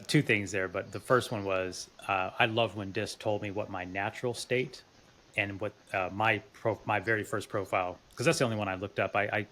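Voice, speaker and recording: A man's voice: lowish voice, pushed and bright. A man hosting a podcast interview, chatting earnestly and restarting his words often. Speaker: podcast host. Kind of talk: casual interview chat.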